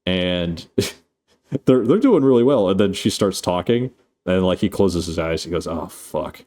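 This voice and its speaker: A man's voice: low voice, expressive, a little slow, mellow. A man casually retelling a movie scene by scene in a rambling, profane way, with frequent filler words and laughter. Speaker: host.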